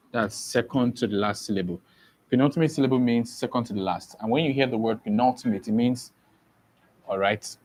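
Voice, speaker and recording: A man's voice: mid-range voice, darkish tone, low-quality recording. A man teaching an online exam-prep English lesson, explaining step by step, repeating key terms and checking in with "okay?" often. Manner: slow, repetitive explaining with frequent "okay?" checks.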